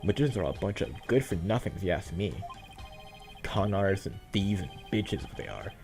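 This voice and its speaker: A man's voice: sits low, expressive, brisk, vocal fry, darkish tone, faint music behind. A man voicing a brash, pushy TV producer in a video game dub, talking in slang like a salesman. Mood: sneering.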